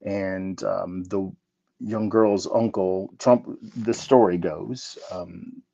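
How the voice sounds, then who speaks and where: A man in a casual podcast chat, talking haltingly with many fillers. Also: low voice, steady tone, gravelly, dark tone. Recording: dull lo-fi audio.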